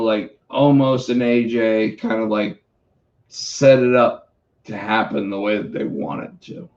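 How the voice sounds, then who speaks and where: A man co-hosting a casual wrestling chat, rambling with restarts and fillers, his voice going hoarse. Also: medium pitch, darkish tone, lo-fi sound. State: losing his voice. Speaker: podcast co-host.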